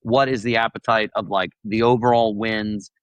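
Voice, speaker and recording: A man co-hosting a political podcast, thinking aloud in a lively, casual way. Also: fairly low pitch, normal speed, clean tone, no echo, highs cut off. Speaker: podcast co-host.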